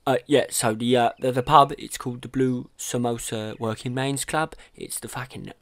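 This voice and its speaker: A man voicing a crude, laid-back British scooter rider in an animated comedy, blunt and swearing, calling everyone mate. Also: medium pitch, normal speed, no echo, lightly acted. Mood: friendly. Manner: blunt and foul-mouthed, says "mate" constantly.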